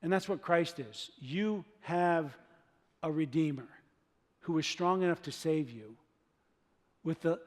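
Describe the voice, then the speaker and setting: A male pastor preaching a sermon in a church, animated, acting out the voices of people in his story. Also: on the high side, measured pace, pauses often. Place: church sanctuary. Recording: long reverb of a church hall.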